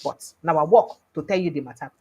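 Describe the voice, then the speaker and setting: A woman's voice: low voice, brisk, breathy edge. A young Nigerian woman with a Nigerian accent, commenting on news in pidgin and English and acting out quotes. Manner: animated, mixes pidgin and English, acts out quotes.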